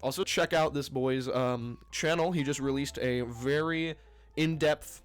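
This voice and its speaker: A man's voice: medium pitch, a little slow, clean tone, soft background music. A young man hosting a casual online interview, playful and teasing with his guest. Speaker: interviewer, channel host.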